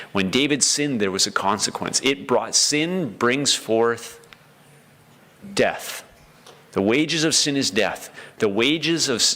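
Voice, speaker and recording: Male pastor, earnest sermon delivery, gravelly and bright. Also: fairly low pitch. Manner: earnest, acts out the prayers of the story with feeling.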